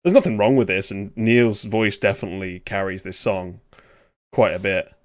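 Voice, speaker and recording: Relaxed low-voiced male podcast host. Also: normal speed, no room sound, studio quality. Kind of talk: casual chat.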